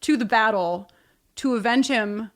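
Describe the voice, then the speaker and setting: A woman co-hosting a podcast in casual chat, animated and full of fillers and laughs, recorded over a video call. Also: a little high, measured pace. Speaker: podcast co-host.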